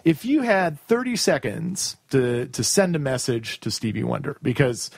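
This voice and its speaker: A man's voice: medium pitch, animated, moderate pace, gravelly, breathy edge, no echo. Rambling male podcast host, dry sound. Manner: rambling, hesitant, many fillers. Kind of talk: casual chat.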